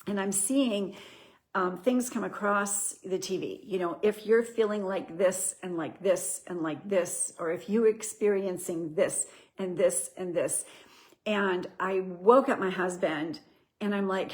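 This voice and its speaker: A woman's voice: mid-range voice, unhurried. A middle-aged woman hosting a show, sharing a personal testimony in an earnest, conversational storytelling way. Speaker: host.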